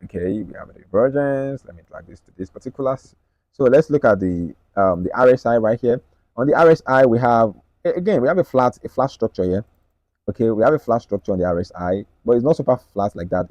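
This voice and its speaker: A man walking viewers through his market analysis on screen, talking quickly and checking in with them often. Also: medium pitch, animated, warm tone, no room sound, dull audio. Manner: rapid, repetitive, checks in with "right?" and "okay?". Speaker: trading analyst.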